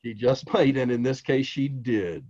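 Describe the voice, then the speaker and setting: Animated male storyteller, muffled audio. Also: medium pitch, unhurried. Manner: animated, emphatic storyteller who addresses the host directly. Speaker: author guest. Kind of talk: interview storytelling.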